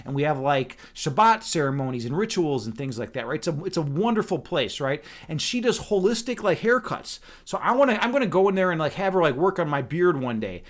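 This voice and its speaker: A man's voice: fairly high pitch, very animated, brisk, hardly any pauses. A man from Chicago hosting a casual livestream chat, rambling and laid-back, repeating words and saying "dude" and "man" a lot. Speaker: livestream host.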